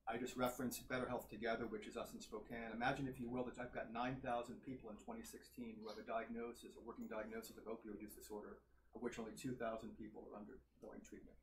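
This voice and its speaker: A man's voice: medium pitch, level tone, quick pace. A man giving a public health lecture with slides, earnest and emphatic, laying out points one by one. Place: lecture hall. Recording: roomy hall sound, faint noise.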